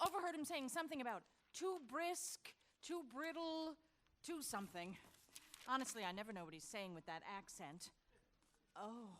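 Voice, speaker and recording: A bubbly, teasing office flirt. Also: female voice, fairly high pitch, a bit bright, slight background noise. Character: playful flirtatious office woman, teasing and bold. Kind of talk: musical theater stage dialogue.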